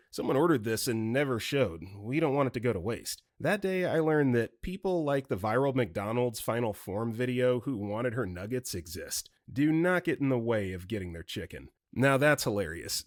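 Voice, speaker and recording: A man reading internet stories aloud with amused, animated commentary. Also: mid-range voice, dry recording, studio quality. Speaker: story reader.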